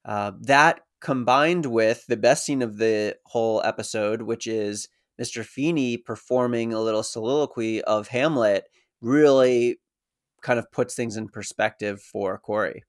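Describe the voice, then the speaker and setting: A man's voice: medium pitch, measured pace. A man co-hosting a podcast, walking through a TV episode's plot in an easygoing, conversational way. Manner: easygoing storyteller, with some filler "uh"s. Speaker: podcast co-host. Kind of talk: casual episode recap chat.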